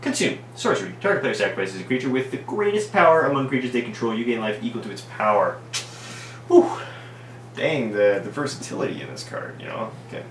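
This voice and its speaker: A man's voice: mid-range voice, very animated, a little fast. A man reviewing trading cards in a casual, ironic way, reading out card text and heaping mock praise on every card. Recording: echoey room, distant mic, faint hum.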